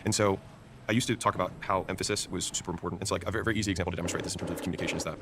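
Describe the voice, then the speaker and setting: A man with a very low, gravelly voice talks at a rapid clip. He explains his points with quick, emphatic examples, like a sales coach on a podcast. A steady noise sits under the recording. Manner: fast, emphatic, teaching with examples. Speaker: sales trainer. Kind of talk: casual podcast talk.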